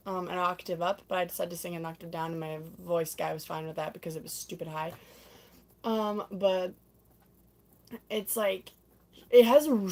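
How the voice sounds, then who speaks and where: A young woman chatting away on a livestream, her speech looping through "like" and "um" as she recaps a show she was part of. She talks at an ordinary pitch for a woman, rambles cheerfully, and every so often breaks into a squeaky impression of someone. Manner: chatty, full of "like" and "um", laughs often, acts out lines in squeaky voices. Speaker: livestreamer recapping a stage musical she performed in. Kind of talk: casual rambling retelling.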